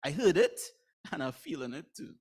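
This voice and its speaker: A man's voice: on the high side, big pitch swings, normal speed, darkish tone, breathy edge. Comic Trinidadian man performing slam poetry. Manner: comic, theatrical delivery with mock voices. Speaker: slam poet. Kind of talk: spoken word poetry performance.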